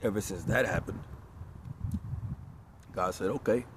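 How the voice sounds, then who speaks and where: A man's voice: low voice, normal speed, slight background noise. A man with a stuffy nose delivering a preachy, rambling monologue that keeps building in urgency. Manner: preachy, rambling, grows louder and more urgent. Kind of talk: impassioned monologue.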